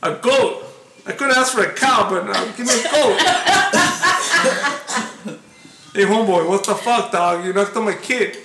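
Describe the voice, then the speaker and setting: A man doing a crude, indignant dad, high-pitched, echoey room. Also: measured pace, pauses often, music in the background. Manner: blustering, crude, slangy. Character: angry middle-aged father demanding payment. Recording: echoey room, loud background noise.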